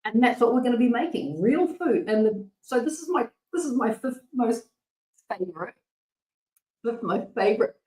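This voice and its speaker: A woman's voice: a little high, sing-song, normal speed, a little mellow, reverberant, low-quality recording. A woman hosting a home cooking vlog, talking casually and enthusiastically, with lots of fillers and restarts. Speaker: cooking channel host.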